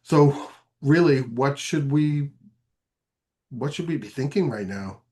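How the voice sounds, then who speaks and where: A man's voice: mid-range voice, lively intonation, slow, a little mellow. A man hosting a podcast interview, talking in an easygoing, informal way with filler sounds. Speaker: podcast host.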